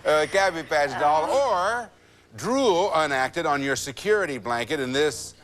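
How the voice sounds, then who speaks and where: A man's voice: a little high, expressive, unhurried, fairly bright tone. A man hosting a TV game show, chatty and teasing with contestants. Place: TV studio. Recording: noisy 1980s TV tape with studio audience.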